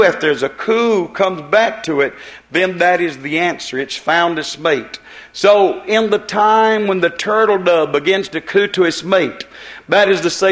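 A man's voice: sits high, fairly bright tone. A man preaching a sermon, telling a parable in a rambling, repetitive way. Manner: rambling storytelling with repeated phrases.

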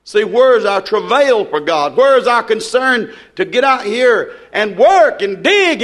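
Older male preacher, fiery revival delivery, high voice that swings widely, shouting and then dropping low. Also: very animated, unhurried, hardly any pauses. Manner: shouting, rising and dropping sharply in fervent preaching.

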